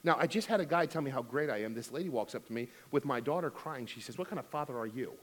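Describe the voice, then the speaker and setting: A man's voice: medium pitch, lively intonation, quick pace, a little hiss or hum. A middle-aged man preaching a sermon as pastor, telling a funny family story and then urging giving with emphatic exhortation.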